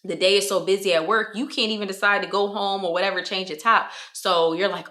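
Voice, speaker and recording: A young woman vlogger giving a motivational talk to camera, animated, often acting out quoted voices. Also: mid-range voice, brisk. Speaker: lifestyle vlogger.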